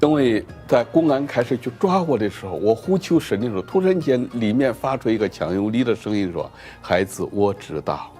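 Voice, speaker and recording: A man from China giving a religious testimony in an interview, telling his story in an earnest, measured way. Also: mid-range voice, very animated, mellow, faint music behind. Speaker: interviewee, Christian preacher.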